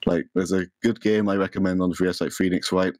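A man's voice: deep voice, fairly even intonation, fast talker, darkish tone, dry recording, rough recording. A young man chatting as a podcast guest about streaming, rambling with many fillers and restarts. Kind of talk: casual chat.

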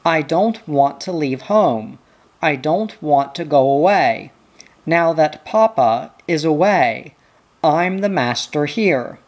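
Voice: medium pitch, expressive, takes it slowly, darkish tone, highs cut off. An audiobook reader voicing a stubborn, upset small boy prince in the narrator's plain reading voice.

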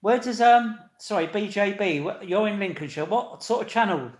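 A man hosting a live stream, chatting and laughing as he reads out viewers' comments and greets them loudly. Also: sits high, moderate pace. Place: echoey indoor room. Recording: echoey room.

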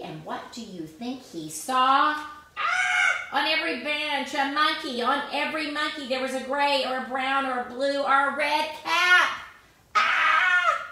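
Woman, picture-book read-aloud, bright, lively pitch, echoey room, distant mic. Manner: animated, exclamatory, chatting about the pictures. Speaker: storyteller reading a picture book.

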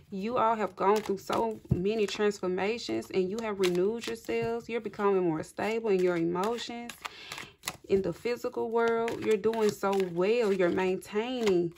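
A woman's voice: medium pitch, a little mellow, a little hiss or hum. Effusive woman doing a tarot reading. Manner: effusive and encouraging, often laughing, addresses viewers directly. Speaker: tarot reader. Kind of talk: casual tarot reading to viewers. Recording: clearly audible card shuffling and clicks.

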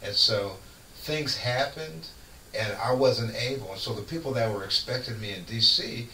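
A man who is a guest on a radio show, preaching in casual chat with fervent, lively storytelling. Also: medium pitch, moderate pace. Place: radio studio. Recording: echoey room, far from mic, faint noise.

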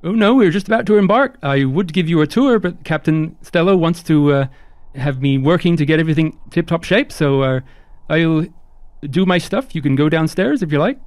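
A man's voice: a little high, expressive, normal speed, dry recording, voice pushed up, lightly acted. A man doing a fussy, eager ship hand. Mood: hurried. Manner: fussy, polite, stammering. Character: nervous, eager young male ship hand.

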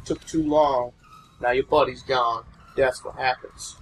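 A man's voice: medium pitch, fairly even intonation, a little slow, fairly bright tone, a little hiss or hum, rough recording. A man doing casual, sarcastic video game commentary, swearing freely. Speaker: let's play commentator.

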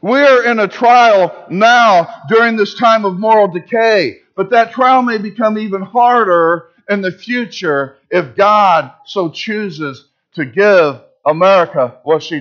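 A pastor giving a sermon in church, preaching with emphasis and asking the congregation rhetorical questions. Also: male voice, high-pitched, fairly bright tone, muffled recording.

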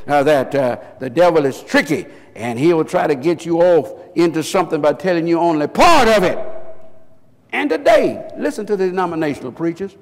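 A man preaching a sermon, impassioned, rising into emphatic shouts and asking the congregation questions. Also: on the high side. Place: church sanctuary. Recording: live church recording with long reverb.

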